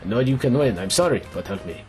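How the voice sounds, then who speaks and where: A man voicing an older male town mayor, reading his lines in a folksy drawl with a lowered voice. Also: expressive, fast, a little mellow, faint music behind, close to an everyday voice. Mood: earnest. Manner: folksy drawl, reads in an odd accent.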